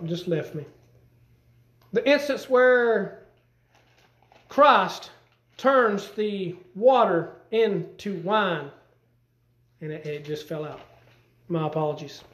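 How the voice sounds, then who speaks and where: A man with a strikingly high voice preaching a sermon in a folksy, emphatic way. His voice rises in bursts of emphasis. It rings out in an echoey church sanctuary. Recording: echoey room.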